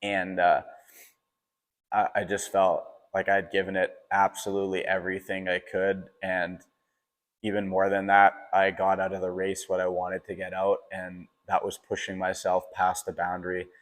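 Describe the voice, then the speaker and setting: A man's voice: low-pitched, monotone, normal speed. A young man hosting a podcast, telling a personal story in a casual way, often saying "like" and restarting his sentences. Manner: casual, fills with "like", frequent restarts. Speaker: podcast host. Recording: long reverberant echo.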